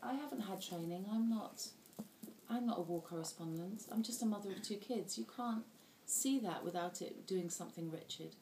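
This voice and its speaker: A woman's voice: mid-range voice, moderate pace, background noise. Woman, emotional storyteller, roomy reverb, faint ambience. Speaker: invited speaker. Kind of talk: personal testimony talk. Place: indoor dinner hall. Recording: roomy sound from a distant mic with faint ambience.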